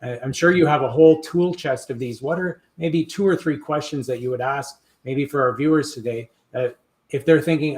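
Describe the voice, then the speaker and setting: A man's voice: mid-range voice, normal speed, a little mellow. A man co-hosting a casual interview in a mid-range voice. He asks his questions with friendly curiosity. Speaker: co-host.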